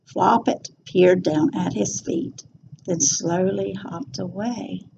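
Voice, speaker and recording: A woman reading a rhyming children's picture book aloud in an expressive, sing-song storytelling voice. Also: mid-range voice, slow, creaky, dull audio, slight background noise.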